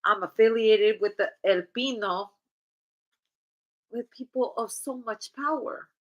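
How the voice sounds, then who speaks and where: A woman's voice: a little high, slow pace, muffled recording. A woman giving a casual tarot reading in a blunt, chatty, profane way. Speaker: tarot reader.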